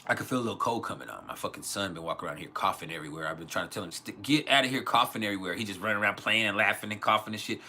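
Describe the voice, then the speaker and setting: A man's voice: sits low, expressive, very fast, few pauses, sharp tone. A man hosting an astrology livestream Q&A from home, talking in loose, profane, rambling rants with laughs. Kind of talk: casual livestream chat and Q&A.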